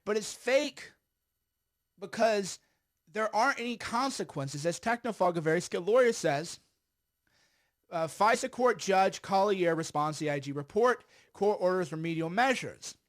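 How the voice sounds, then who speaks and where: A middle-aged man delivers livestreamed political commentary in a blunt, emphatic way. His voice sits fairly high for a man. He pauses to puff on a cigar as he talks. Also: lively intonation.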